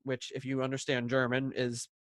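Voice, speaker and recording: A man's voice: mid-range voice, completely flat delivery, normal speed, fairly bright tone, dry recording, studio quality. A man co-hosting a podcast in casual chat. He tells stories with laughter and acts out quotes. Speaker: podcast co-host.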